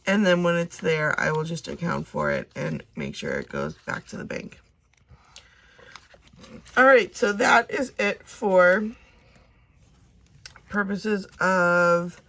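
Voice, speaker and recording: A woman in her thirties talks casually to her viewers, thinking out loud and rambling with plenty of fillers. Her mid-pitched voice has a gravelly fry running through it, and she speaks as if chatting at home. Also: slight background noise. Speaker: cash budgeting vlogger. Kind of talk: casual chat to camera.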